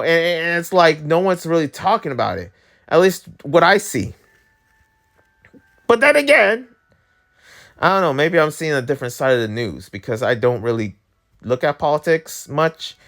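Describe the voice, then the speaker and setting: A man's voice: medium pitch, creaky, fairly bright tone. A man hosting his own channel, talking through the news in a candid, rambling way, blunt with his opinions and often restarting his sentences. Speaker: YouTube channel host. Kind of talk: casual news commentary.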